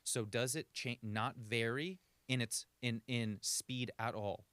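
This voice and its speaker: A man's voice: mid-range voice, fairly even intonation, slow, few pauses, fairly bright tone, smooth, no room sound. A man working as a communication coach, giving practical advice in a podcast interview and shifting his pace to demonstrate. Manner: coaching, illustrative, varies speed for demonstration.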